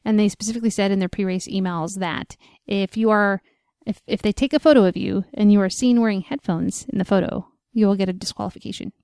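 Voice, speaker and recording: A woman's voice: medium pitch, fast talker, dark tone, dry recording, clean studio sound. Chatty young woman co-hosting. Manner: chatty, lots of "like" and "um". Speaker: podcast co-host. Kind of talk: casual chat.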